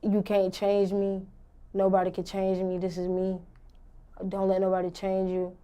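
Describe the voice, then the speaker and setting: A woman's voice: mid-range voice, completely flat delivery, moderate pace, warm tone, clean tone. Blunt, slangy young woman rapper. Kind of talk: casual interview answers.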